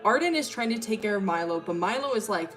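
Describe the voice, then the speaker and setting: A woman's voice: medium pitch, animated, fast talker, a bit bright, faint music behind. A young woman streamer telling a story in a casual, rambling way, giggling often and full of fillers.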